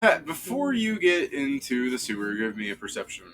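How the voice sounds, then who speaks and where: A man running a tabletop game as game master, narrating in a rambling, animated way with plenty of laughs. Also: mid-range voice, moderate pace, slight background noise, low-quality recording.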